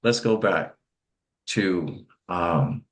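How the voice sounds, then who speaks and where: A man's voice: low voice, animated, extremely slow. A man hosting an interview, chatty and emphatic, with stammered repeats. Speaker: interview host.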